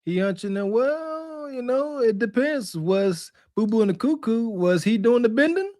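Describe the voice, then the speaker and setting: A podcast co-host in a playful, mocking mood who jokes about the clip. His voice sits high and swings widely, and the sound is dry and close. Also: expressive, normal speed, warm tone, no room sound. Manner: joking, teasing, laughs often. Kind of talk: reaction podcast banter.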